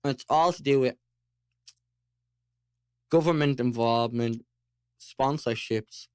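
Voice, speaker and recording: An Irish man co-hosting a podcast, talking in an animated, ranting way while chewing toffee. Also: mid-range voice, takes it slowly, smooth, no room sound, clean studio sound. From Ireland. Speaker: podcast co-host. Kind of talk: casual chat.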